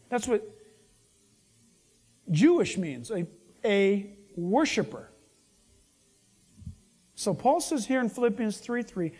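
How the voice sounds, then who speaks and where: A man's voice: very high voice, darkish tone. A man preaching a sermon in a conversational, jokey way, acting out dialogue as he teaches.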